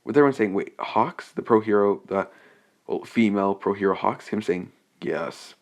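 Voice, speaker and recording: A man's voice: lowish voice, normal speed. Rambling young man retelling a fan story. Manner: rambling and hesitant, many restarts and fillers. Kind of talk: casual unscripted story recap.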